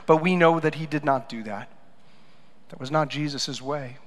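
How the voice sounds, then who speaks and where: A man with a fairly high voice preaches a sermon in a church. His delivery swings between loud, emphatic lines and quiet, low asides as he tells stories. The sound rings with a long hall reverb. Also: normal speed. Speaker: pastor. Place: church sanctuary.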